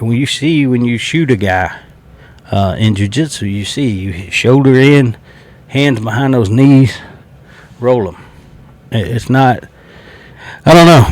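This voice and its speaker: A blunt Southern man from South Carolina riffs on football like a frustrated fan, cursing freely and chuckling between points. His voice sits at an ordinary middle pitch. The recording is dry and close, with no room sound. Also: dry recording. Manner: blunt, swears freely, laughs between remarks. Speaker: sports fan podcaster. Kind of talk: casual fan commentary.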